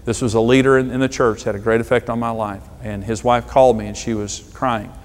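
A middle-aged man, a pastor, preaching a sermon with emphatic delivery and stories told with dramatic pauses. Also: medium pitch, steady tone, a little mellow. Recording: long hall reverb.

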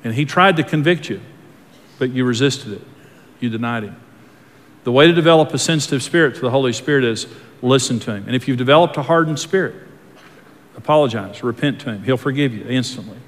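A man's voice: medium pitch, a little fast. A man pastor preaching a sermon in an earnest, folksy way, often repeating himself and restarting his words. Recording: long hall reverb.

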